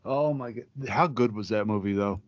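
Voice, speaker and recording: A man's voice: on the low side, normal speed, no room sound, highs cut off. A man co-hosting a podcast, chatting casually in a laid-back, profane, bantering way. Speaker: podcast co-host. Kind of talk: casual comedic chat.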